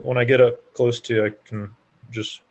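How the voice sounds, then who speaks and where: A man's voice: mid-range voice, level tone, normal speed. A man playing a tabletop game who stammers and repeats words while working out his plan. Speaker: player. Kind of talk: casual tabletop game play.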